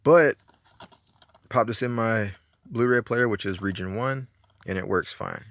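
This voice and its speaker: A man's voice: fairly low pitch, unhurried, creaky, a bit bright, no room sound, lo-fi sound. A man with a Southern accent from Georgia, chatting casually and rambling through his movie collection, laid-back and a bit profane. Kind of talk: casual chat.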